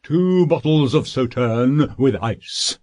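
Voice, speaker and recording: A man putting on a pompous, slow-talking solicitor. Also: mid-range voice, animated, darkish tone. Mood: scheming. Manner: pompous, drawn-out, sanctimonious. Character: fat pompous scheming middle-aged male solicitor.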